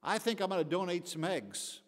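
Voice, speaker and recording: A pastor doing a breezy barnyard chicken. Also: male voice, sits high, animated, moderate pace, in a large hall, voice pushed up. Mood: joke telling. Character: chatty barnyard chicken planning a charity donation.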